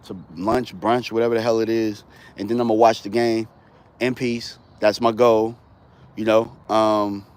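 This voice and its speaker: A man talking football on a casual live stream, animated and rambling, full of slang. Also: mid-range voice. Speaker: sports streamer.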